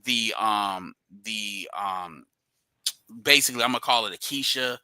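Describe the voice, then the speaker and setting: A man's voice: on the low side, measured pace, bright, forceful tone, clean tone, no echo, poor audio. A man hosting a casual stream chat, explaining his ideas in loose, rambling sentences full of restarts.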